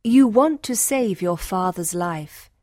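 A woman voices a kind fairy speaking in a dream, soft and reassuring. The delivery is slow and the sound is dry and close. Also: mid-range voice, expressive, no echo.

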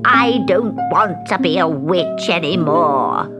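A woman's voice: fairly low pitch, lively intonation, slow. A woman voicing a lonely old witch who pleads and then shrieks, with music behind. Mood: pitiful.

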